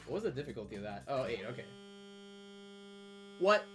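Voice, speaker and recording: A woman streamer giving casual game commentary, giggling and reacting excitably. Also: rumbling low, brisk, faint music behind.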